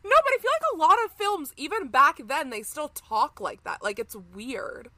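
A woman's voice: sits high, huge pitch swings, normal speed, pushed and bright. A woman co-hosting a true crime podcast, jokey and bubbly, chiming in with questions and teasing remarks. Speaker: podcast co-host. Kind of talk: casual true crime chat.

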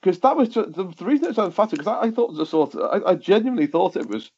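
A man co-hosting a football podcast, telling match stories in casual chat and acting out what people shouted. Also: high-pitched, rapid-fire, few pauses, breathy edge. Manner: animated storyteller, acts out quotes. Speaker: podcast co-host. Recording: dull lo-fi podcast audio.

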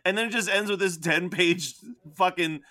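A man's voice: high-pitched, moderate pace, sharp tone. A man chatting casually, laid-back and swearing freely, often chuckling. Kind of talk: casual chat.

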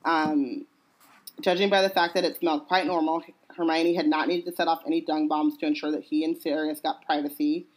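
Low-voiced woman reading aloud casually. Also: a little mellow, rough recording. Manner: chatty, jokey asides with lots of "like" and "um". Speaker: podcast co-host reading aloud. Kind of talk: casual chat and book read-aloud.

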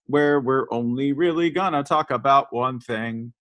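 A man's voice: medium pitch, measured pace, a bit bright. A man hosting a comedic podcast, joking around and laughing often. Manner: jokey, laughs often, bursts into silly voices. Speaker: podcast host.

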